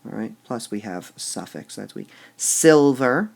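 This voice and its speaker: A man teaching a class, slow and deliberate, stressing syllables aloud as he goes through lines of verse. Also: on the low side, fairly even intonation, vocal fry, breathy edge. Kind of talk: classroom lecture on poetic meter.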